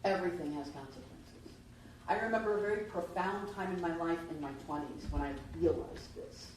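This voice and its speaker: A woman minister delivers a conversational Easter sermon in a church sanctuary, asking the congregation questions. Her voice is on the low side, a little fast and darkish, picked up by a distant mic in a very echoey hall with faint noise.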